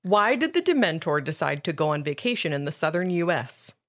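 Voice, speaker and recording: A woman co-hosting a podcast in casual chat, bubbly and quick to laugh and squeal with excitement. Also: low voice. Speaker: podcast co-host.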